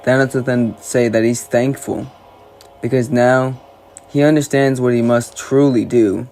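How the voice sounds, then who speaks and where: A man narrating a fan retelling of a superhero story in steady play-by-play fashion. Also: mid-range voice, a little slow, faint music behind.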